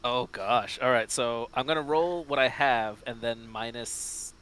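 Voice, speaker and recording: A man playing a tabletop game, talking exuberantly and breaking into shouts. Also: mid-range voice, a little slow, poor audio. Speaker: player. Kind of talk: casual tabletop chat.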